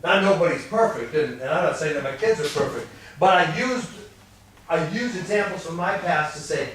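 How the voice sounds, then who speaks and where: An older man in his sixties leads a relationship seminar, his voice a touch high for a man. He talks folksy and plain and tells stories from his own life. He sounds far from the mic, in a big echoing room. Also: expressive, normal speed, fairly bright tone, slight background noise. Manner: folksy storytelling, acts out quoted exchanges. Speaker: marriage seminar speaker. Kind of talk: teaching talk to an audience. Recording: distant mic in an echoey room.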